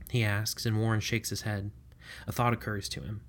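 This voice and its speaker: A man narrating a story in a steady, even reading voice. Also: fairly low pitch, moderate pace.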